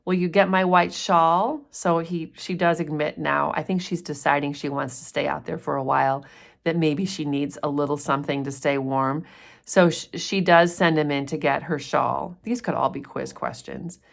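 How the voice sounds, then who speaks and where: A woman's voice: low voice, steady tone, moderate pace, creaky. A woman walking through a novel's chapters like a teacher, chatting and explaining with frequent ums. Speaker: literature teacher. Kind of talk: casual chapter summary lesson.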